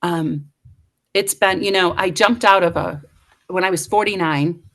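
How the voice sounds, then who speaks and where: A woman guest in middle age telling a story with lively, self-mocking humor, acting out the voices of the people in it. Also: lowish voice, unhurried. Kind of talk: animated storytelling.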